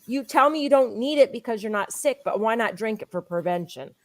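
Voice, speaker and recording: A woman guest giving an eager, insistent sales pitch built on personal stories. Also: expressive, no echo. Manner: eager, insistent, fast storytelling. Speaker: guest, product promoter.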